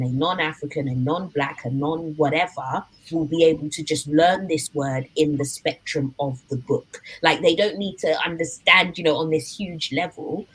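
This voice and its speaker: A woman's voice: low voice, fairly bright tone, slightly rough, rough recording. A woman hosting a casual book discussion, talking carefully and qualifying her points. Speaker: host.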